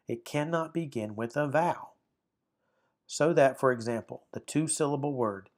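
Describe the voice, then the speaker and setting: A man teaching a recorded grammar lesson, sounding out syllables slowly and often checking "right? okay?". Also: medium pitch. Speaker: Bible Hebrew teacher.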